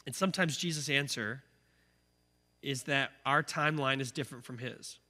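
A man's voice: medium pitch, moderate pace, sharp tone. A man in his thirties preaching a sermon as a pastor, conversational and earnest, often checking in with "right?". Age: 30s. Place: church sanctuary. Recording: echoey church hall.

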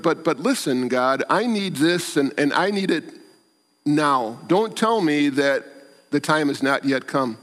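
A man preaching a sermon as pastor, earnest and pleading, repeating words for emphasis. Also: on the high side. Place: church. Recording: long church reverb.

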